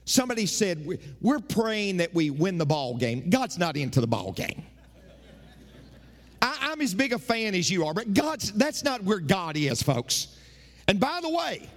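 A man from the United States preaching a sermon, animated and folksy, with jokes and repeated refrains. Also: high-pitched, in a large hall. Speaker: pastor.

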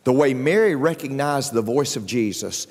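A man preaching a sermon as pastor, joking with the congregation and jumping up in pitch for emphasis. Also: moderate pace. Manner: animated preaching with jokes, voice leaping up in pitch. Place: church sanctuary. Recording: long reverb of a large hall.

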